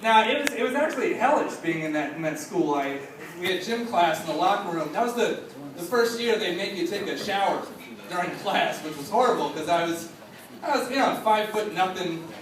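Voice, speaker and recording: A man telling a funny story to a live audience, animated and laughing, acting out other people's voices. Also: high-pitched, a little fast, far from the mic, noisy background. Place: stage before a live audience. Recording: echoey hall, voice from off mic.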